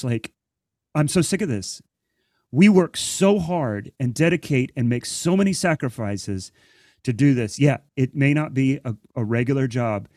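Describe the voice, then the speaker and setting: A man from Central Ohio tells gig stories in a lively way and slips into other people's voices. His voice sits in the middle range and sounds close and dry, with no room around it. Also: medium pitch, no room sound. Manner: animated storytelling, acting out other people's voices. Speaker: working drummer in roundtable. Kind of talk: casual roundtable chat.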